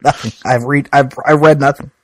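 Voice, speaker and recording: A man's voice: medium pitch, steady tone, a little fast, no echo, rough recording. A man co-hosting a casual comic book podcast, tossing out sarcastic, grumbling asides. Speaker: podcast co-host.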